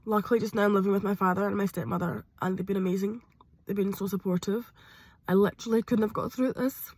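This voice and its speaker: A woman talking hesitantly to camera from a parked car, pausing often with ums. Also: medium pitch, fairly even intonation, darkish tone, no room sound. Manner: hesitant, with frequent ums and pauses. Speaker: vlogger. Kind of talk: personal confessional vlog.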